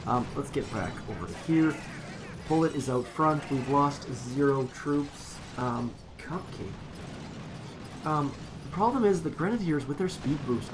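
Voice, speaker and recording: A man's voice: mid-range voice, noisy background. A man commenting casually on a live game stream, rambling and correcting himself as he talks to his chat.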